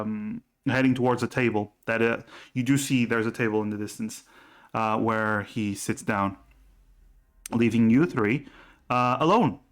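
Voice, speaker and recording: A man narrating a tabletop game as game master, halting with many restarts. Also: on the low side, fairly bright tone.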